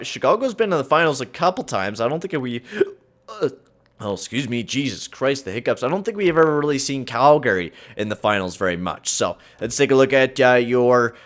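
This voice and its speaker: A young man commentating his own hockey video game, swearing, yelling at the game, then grumbling low. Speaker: gaming channel host.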